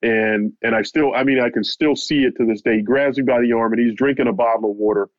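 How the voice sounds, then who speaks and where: A man, a boxing reporter, telling a long anecdote in a lively way and repeating "he said" as he retells it. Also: mid-range voice, fast talker, no echo. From United States. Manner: animated, keeps repeating "he said" while retelling. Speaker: boxing reporter, interview guest. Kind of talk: storytelling anecdote. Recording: muffled lo-fi, dry audio.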